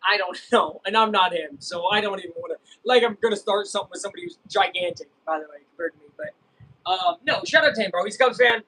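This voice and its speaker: A young man casually chatting and reacting while streaming a live baseball game, rambling and breaking into excited yells. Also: sits high, quick pace, gravelly, husky, rough recording. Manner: rambling, self-interrupting, bursts of excited yelling. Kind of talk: casual live game watch-along chat.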